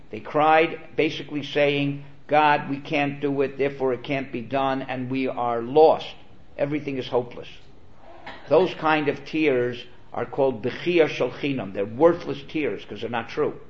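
Man, rabbi giving a Torah class; earnest, explanatory, mid-pitched voice, muffled lo-fi audio. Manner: earnest, explanatory, with Hebrew terms. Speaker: rabbi teaching. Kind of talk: Torah lecture. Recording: dull, lo-fi recording.

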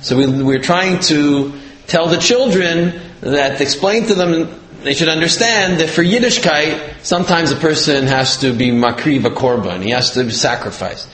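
A man telling a religious lesson as a story, talking haltingly with many fillers and restarts. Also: fairly high pitch, fairly bright tone. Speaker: religious teacher. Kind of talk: storytelling sermon. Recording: roomy echo.

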